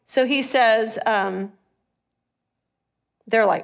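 A woman teaching a Bible lesson in a sermon style, animated and asking her listeners questions. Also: high voice, unhurried.

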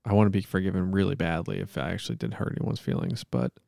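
A man's voice: low voice, big pitch swings, quick pace, vocal fry, mellow, no room sound, clean studio sound. A man hosting a casual podcast, joking around and putting on a mock-solemn prayer. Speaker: podcast host.

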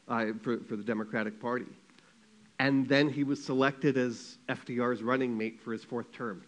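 A man preaching a sermon as a pastor, telling a story in a lively, conversational way with quick asides. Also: a little high.

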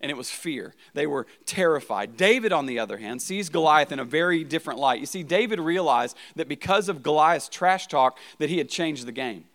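A man's voice: a little high, lively intonation, brisk, hardly any pauses, a bit bright. A man preaching a sermon as a pastor, talking in a casual, conversational way, often checking in with "right?" and restarting words.

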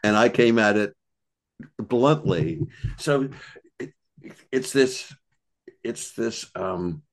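An older American man, a podcast guest, tells reflective childhood stories in a meandering, thoughtful way, with many pauses and restarts. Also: mid-range voice, vocal fry. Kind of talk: reflective storytelling conversation.

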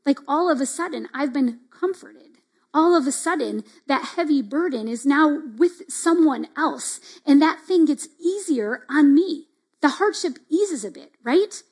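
A woman's voice: high-pitched, expressive, measured pace, a little mellow. A middle-aged woman giving a devotional teaching talk in a conversational way, with many asides like "like" and "right?", and acting out the reactions she describes. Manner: acts out quoted reactions. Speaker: church speaker.

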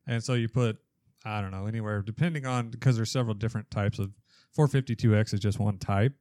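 A man's voice: on the low side, fast talker, darkish tone, dry recording, studio quality. A man who is a guest on a casual podcast chat, explaining things in a plain, matter-of-fact way. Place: podcast studio room.

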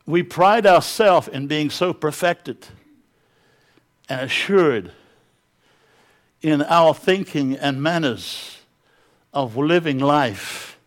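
A man's voice: on the high side, slow pace, pauses often. A man preaching a sermon as a pastor, telling stories with impassioned, dramatic delivery.

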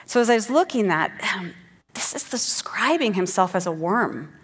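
A woman's voice: mid-range voice, expressive, normal speed, husky, in a large hall. A woman giving an earnest sermon who teaches the passage and reads scripture aloud with rising emphasis. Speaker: preacher.

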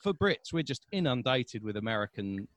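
A man in his thirties with a South London accent, talking in a relaxed, chatty way as a guest comedian. He laughs often between stories, and his voice sits at an everyday pitch. The recording is dry and close, with no room sound. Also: normal speed, dry recording. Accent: South London English. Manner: animated storyteller, laughs often. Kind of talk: casual podcast chat.

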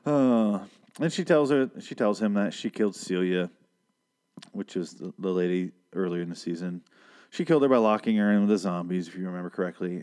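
A man's voice: sits low, darkish tone. A man casually recapping a TV episode in a profane, sarcastic, rambling way.

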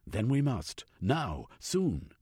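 A man voicing an impatient young male revolutionary who talks in a pressing, forceful way. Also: mid-range voice, huge pitch swings, slow, husky, no room sound, studio quality, pitched above the performer's own voice, exaggerated voice. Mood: urgent.

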